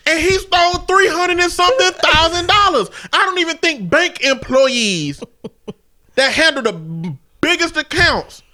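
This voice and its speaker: A man's voice: very high voice, animated, a little slow, bright, forceful tone. A man co-hosting a casual podcast, bluntly and profanely critiquing a film's production. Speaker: podcast co-host. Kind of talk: casual movie review chat.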